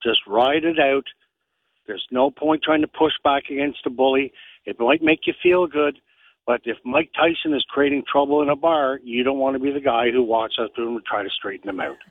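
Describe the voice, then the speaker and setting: A man's voice: medium pitch, expressive, normal speed, no echo. A man calling in to a radio show from Canada, giving blunt, matter-of-fact opinions over a phone line. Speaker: caller.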